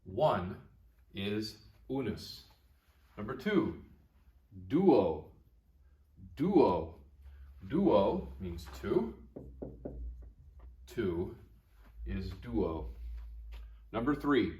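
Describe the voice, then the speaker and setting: A man teaching a recorded video lesson to young students, patient and encouraging, repeating each word slowly. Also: fairly low pitch, sing-song, darkish tone. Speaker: Latin teacher.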